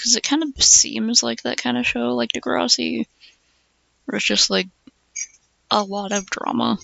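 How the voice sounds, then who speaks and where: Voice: medium pitch, gravelly, pushed and bright, no room sound, muffled recording. A streamer chatting casually and reading aloud, musing with lots of fillers and hums.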